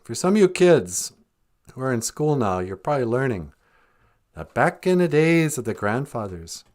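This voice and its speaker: A man's voice: mid-range voice, very animated, normal speed, darkish tone. An older man hosting a podcast, joking sarcastically and laughing often as he talks. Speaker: podcast host. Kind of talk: comedic casual chat.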